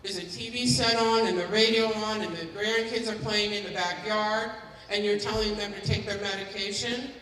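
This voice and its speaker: Captured from far off in an echoey hall, a woman with a mid-range, fairly bright voice teaches caregivers about dementia care at a community forum. She speaks at a moderate pace with fairly even intonation, often questioning the audience and checking in with them.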